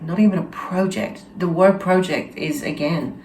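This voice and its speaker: A woman host telling a personal story in an earnest, halting way, with many restarts and fillers. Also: fairly low pitch, a little mellow, a little hiss or hum. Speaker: channel host. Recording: roomy echo with faint ambience.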